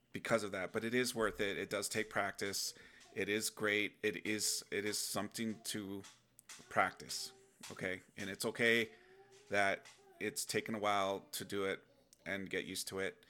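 A young adult man with a low, forceful voice talks casually to his viewers. He acts out inner dialogue with sudden animated outbursts. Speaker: self-help video host. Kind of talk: casual spoken reflection to camera.

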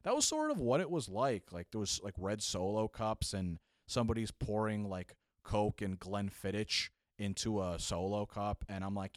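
Animated young man telling a comic story. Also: on the low side, normal speed, hardly any pauses, no echo, studio quality. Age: young adult. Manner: animated, acts out voices, casual filler. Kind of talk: comedic storytelling.

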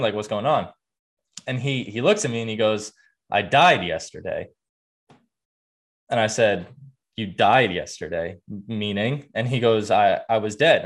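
A young adult man hosting a podcast, telling a story in a casual, earnest way with lots of fillers and restarts. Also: on the low side. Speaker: podcast host.

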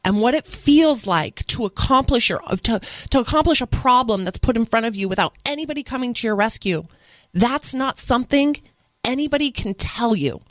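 A woman's voice: fairly high pitch, expressive, moderate pace, no room sound. A woman speaking as a podcast guest, earnestly retelling moments with her children as a single mother. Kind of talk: personal storytelling in a podcast interview.

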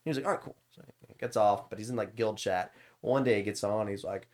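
A man's voice: fairly low pitch, fast talker, a little mellow. A young man who streams games, telling rambling stories in casual podcast chat, swearing and laughing often.

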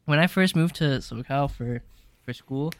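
A man's voice: on the high side, normal speed, no echo. A young man from the San Francisco Bay Area co-hosting a podcast, chatting casually and playfully with frequent laughs and lots of "like.". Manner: laughs often, playful, filler-heavy. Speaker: podcast co-host. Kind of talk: casual chat.

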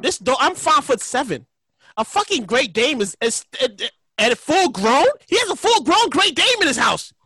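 A man spins a profane, animated story in casual chat, repeating words as he goes. His voice is high, bright and lively, and the sound is close and dry. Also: moderate pace, no echo.

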